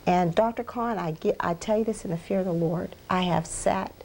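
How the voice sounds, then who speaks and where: A woman's voice: on the low side, moderate pace, a little mellow, a little hiss or hum. Emotional woman giving a testimony. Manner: emotional, repeats phrases for emphasis. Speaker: interview guest, ministry founder. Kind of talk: personal testimony in an interview.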